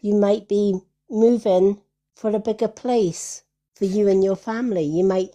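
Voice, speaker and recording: Slow, mellow-voiced woman reading cards. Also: medium pitch, steady tone. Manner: soothing, affectionate, calls people lovely and honey. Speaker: tarot reader hosting a live stream. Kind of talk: live card reading chat.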